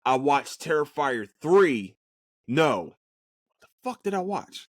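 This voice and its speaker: A young man sits alone at his own podcast mic, ranting in a heated, profane, casual way. His average-pitched voice jumps all over when he gets worked up, and he stammers through restarts. The sound is dry and close, with no room behind it. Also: sing-song, slow pace, no echo. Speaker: podcast host. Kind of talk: casual solo podcast rant.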